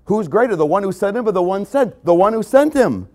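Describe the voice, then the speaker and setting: A man preaching a sermon as pastor, repeating key phrases and swinging between loud emphasis and hushed drops. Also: high voice, expressive, fairly quick.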